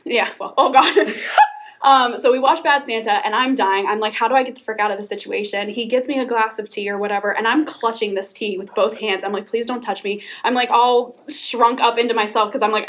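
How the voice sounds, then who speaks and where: A woman's voice: on the high side, a little fast, fairly bright tone. A young woman, telling a dating story on a casual podcast while laughing often. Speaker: podcast co-host.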